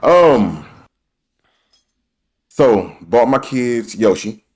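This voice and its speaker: A man's voice: mid-range voice, lively intonation, drawn-out words. A man co-hosting a casual gaming talk show, laid-back and laughing often. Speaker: podcast co-host.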